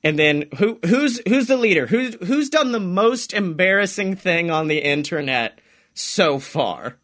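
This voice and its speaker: A young man with a high, bright, ringing voice riffs through a comedic podcast chat. He rambles and swears freely, dropping into little acted-out voices as he spins out a silly story. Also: lively intonation, measured pace. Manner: rambling, swears a lot, acts out voices in quotes. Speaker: podcast co-host.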